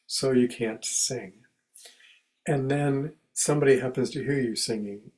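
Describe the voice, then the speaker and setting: A man giving a contemplative spiritual talk in a conversational way, acting out everyday examples as quoted speech and going soft and quiet on key phrases. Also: mid-range voice, measured pace, poor audio. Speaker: spiritual teacher and speaker.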